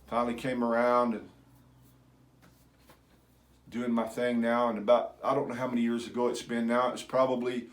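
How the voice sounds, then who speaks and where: A man's voice: medium pitch, flat delivery, normal speed, pauses often. A middle-aged man, telling a personal story in a folksy, self-deprecating way. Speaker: vlogger.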